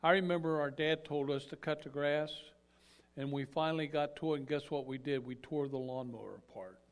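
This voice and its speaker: A man preaching a sermon as an animated storyteller who acts out the characters as he goes. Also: on the high side, fairly quick.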